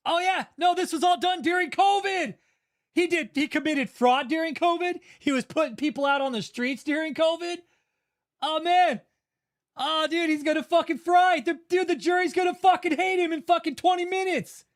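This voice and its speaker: Male streamer, very high pitch, furious, swearing constantly, ranting commentary. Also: normal speed. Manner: angry, profane, ranting. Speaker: channel host. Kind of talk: livestream commentary rant.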